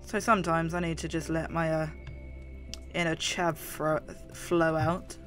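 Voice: medium pitch, flat delivery, measured pace, fairly bright tone, soft background music. A gamer with a London accent and a slight lisp, commenting on a horror game in a chatty, jumpy way, swearing often. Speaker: gaming video host. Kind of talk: let's play commentary.

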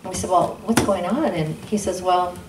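A woman telling a personal testimony at a church gathering, in an earnest way, acting out the dialogue with sudden jumps in pitch. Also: moderate pace. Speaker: guest speaker sharing testimony. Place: intimate church gathering room. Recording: roomy sound from a distant mic, faint noise.

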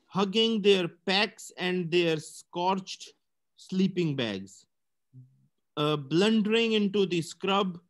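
A male teacher reading a story aloud for a comprehension lesson, stumbling now and then and correcting himself. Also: sits high.

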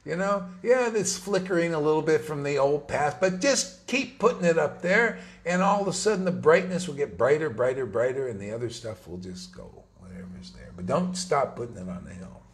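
A man's voice: fairly high pitch, expressive, normal speed, few pauses, slight background noise. A man giving an informal, emphatic sermon to his followers, talking conversationally with slangy asides. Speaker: spiritual teacher.

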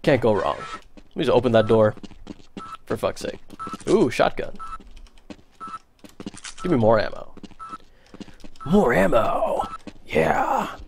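A man's voice: on the low side, big pitch swings, a little slow, long pauses, darkish tone, a little hiss or hum. A man streaming a first-person shooter, joking and talking back to the characters on screen. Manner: jokey, talks to the game characters. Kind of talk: live gameplay commentary.

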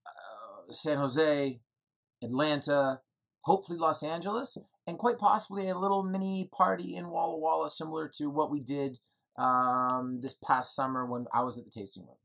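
A man's voice: a little high, moderate pace, vocal fry, fairly bright tone. A man in his thirties giving a chatty, rambling video update from indoors, with fillers and self-deprecating jokes. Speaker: winery co-owner giving updates. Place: indoors at home in the evening.

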